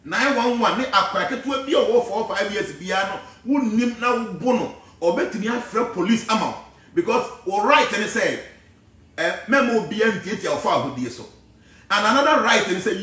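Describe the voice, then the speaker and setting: A Ghanaian man holds forth in a preachy, digressive way, his voice pitched fairly high for a man. He sits well back from the microphone. Heavy room echo surrounds every word. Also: lively intonation, brisk, pushed and bright, recorded from a distance. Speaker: spiritual teacher. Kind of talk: casual talk mixing English and Twi.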